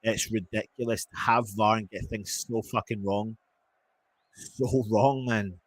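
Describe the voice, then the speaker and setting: A man with a lowish voice calls a football match live as a fan commentator. He swings between quick play-by-play and angry, frustrated rants, sometimes swearing. The delivery is casual and unscripted. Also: fairly even intonation, slight background noise.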